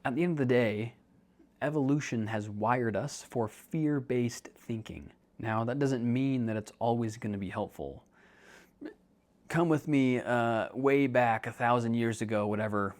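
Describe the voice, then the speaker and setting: A man's voice: medium pitch, measured pace, a little mellow. A young man hosting a podcast, talking casually and joking as he explains ideas to listeners. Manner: chatty, jokey, calls listeners dude. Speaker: podcast host and counselor.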